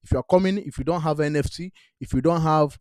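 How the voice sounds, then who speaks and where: A fast-talking man with a fairly high, slightly mellow voice hosts a crypto channel, with no room sound. His direct-to-camera investment talk is emphatic and repetitive, in non-native grammar, punctuated by frequent "all right?" check-ins.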